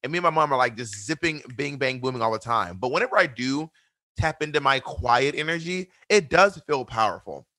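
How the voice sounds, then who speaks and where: A man from Georgia, a podcast guest who talks loud, animated and campy. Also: medium pitch, fairly quick, no room sound. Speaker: podcast guest, drag performer. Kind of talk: casual chat.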